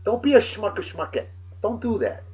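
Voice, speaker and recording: A man hosting his own casual webcast, rambling and crude and quick to get riled. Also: high-pitched, big pitch swings, darkish tone, husky, highs cut off. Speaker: show host.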